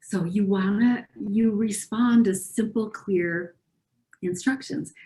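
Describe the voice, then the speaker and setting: A woman clinician giving an educational talk, speaking calmly and reassuringly and modeling soothing phrases for patients. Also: mid-range voice, slow pace, roomy sound. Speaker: pediatric clinician presenter.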